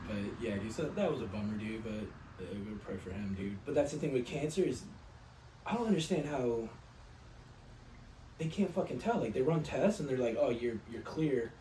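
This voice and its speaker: A man's voice: mid-range voice, expressive, normal speed, mellow, recorded from a distance. A man chatting loosely on a podcast, trailing off into long, swear-filled anecdotes. He sits back from the mic in a roomy space, with a faint hum of noise behind him. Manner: profane, rambling storyteller. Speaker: podcast co-host. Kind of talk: casual chat.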